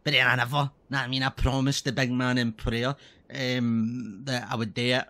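A man's voice: medium pitch, flat delivery, moderate pace, bright, forceful tone, no echo. A man streaming a zombie game, rambling and swearing with lots of laughs. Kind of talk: casual gaming commentary.

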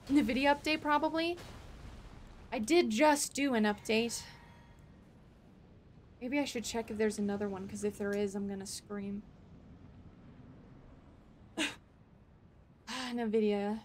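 A woman game streamer talks through her play in a fairly high voice, at an unhurried, drawn-out pace. She murmurs encouragement to herself and chats with a friend, then breaks into loud outbursts. A faint hum of noise sits under her voice. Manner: expressive, swings between muttering to herself and loud outbursts. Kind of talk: live gaming stream chatter.

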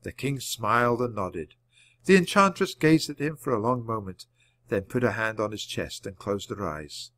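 A man reading a children's book aloud at a clear, measured pace. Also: on the low side, lively intonation, a bit bright, dry recording. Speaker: storybook reader.

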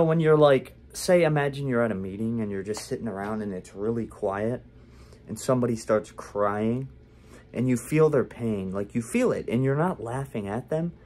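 A man's voice: mid-range voice, a little mellow. A young man talking candidly to the camera in a casual vlog, rambling with lots of fillers and restarts. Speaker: vlogger.

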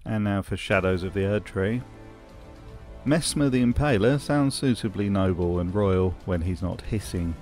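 A man's voice: on the low side, normal speed, darkish tone, faint music behind. A man narrating a video essay in a dry, wry tone. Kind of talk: scripted narration.

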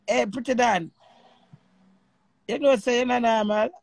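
A woman's voice: a little high, takes it slowly, vocal fry, darkish tone, dry recording. A Jamaican woman ranting on a live stream, cursing and confrontational, talking into her phone. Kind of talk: heated live-stream rant.

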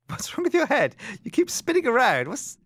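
A man hosting a game let's play, chatting in an animated, rambling way and thinking aloud. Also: extremely high pitch, brisk. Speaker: host.

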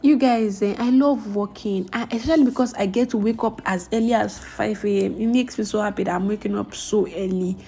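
A woman's voice: medium pitch, brisk, few pauses, mellow, husky. A young woman with a Nigerian accent, chatting casually to camera in a vlog and slipping in Pidgin phrases. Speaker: vlogger.

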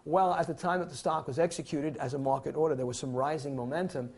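Husky theatrical male finance instructor. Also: fairly high pitch, fairly even intonation, quick pace, darkish tone. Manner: theatrical, coaxing the class, plays client and broker. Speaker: securities licensing instructor. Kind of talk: classroom lecture with acted scenarios.

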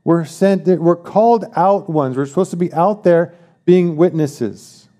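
A man's voice: on the high side, measured pace, warm tone. A man preaching a sermon as pastor, emphatic, repeating key phrases and asking the congregation questions.

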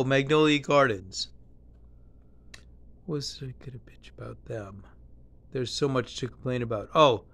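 A man's voice: medium pitch, smooth. A man ranting casually to his phone camera, blunt and profane, losing his thread and picking it back up. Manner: blunt, profane, complaining, drifts off track. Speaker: vlogger in a nursing home.

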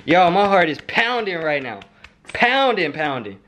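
Guy vlogging in his kitchen, chatty, kinda high voice, lively. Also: unhurried. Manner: chatty and animated, talks straight to viewers. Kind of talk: casual home vlog. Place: home kitchen, indoors.

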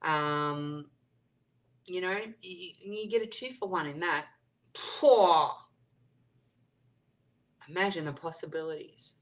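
A woman's voice: sits low, slow, pauses often. A woman hosting a live stream, chatting casually and reading out viewer comments and answering them. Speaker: livestream host.

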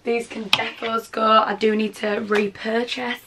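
A young woman with a Yorkshire accent talks casually and excitedly to her viewers while tidying up at home. Her voice sits a little on the high side, and there is a faint hiss behind her. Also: measured pace. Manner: chatty and excitable, talks to camera while sorting. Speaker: vlogger. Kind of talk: casual vlog chat. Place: bedroom at home.

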